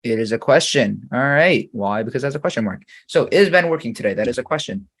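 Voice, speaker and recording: A man teaching an English grammar lesson, reading example sentences slowly and quizzing the viewer patiently. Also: mid-range voice, lively intonation, breathy edge.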